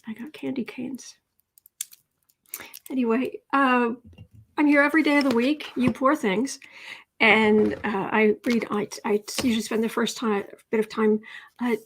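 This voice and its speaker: A middle-aged woman hosting a livestream, chatting casually and rambling as she greets viewers by name. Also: a little high. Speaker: tarot reading livestream host.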